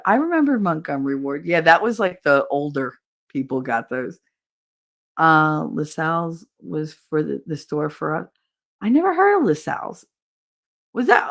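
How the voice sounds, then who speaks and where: A woman from New Jersey with a New Jersey accent, hosting a podcast in casual chat, animated and exasperated, swearing freely. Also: sits low. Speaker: podcast host reading live chat.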